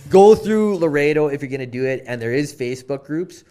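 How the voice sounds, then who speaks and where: A man's voice: on the high side, a little fast, smooth. A young Canadian man on a podcast, telling a story casually with many fillers and acted-out quotes. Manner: animated, lots of fillers, quoted dialogue. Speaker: podcast guest.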